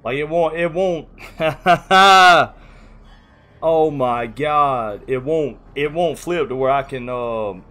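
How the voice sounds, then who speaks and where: A man's voice: mid-range voice, unhurried, few pauses. A man chatting casually on a live stream, rambling, flustered and apologetic.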